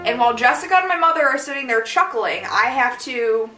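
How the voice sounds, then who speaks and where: A woman's voice: on the high side, expressive, a little fast, bright, forceful tone, distant mic, faint music behind. Foul-mouthed young woman in an echoey room. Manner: profane, rambling, self-mocking. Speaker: vlogger. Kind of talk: casual storytelling vlog.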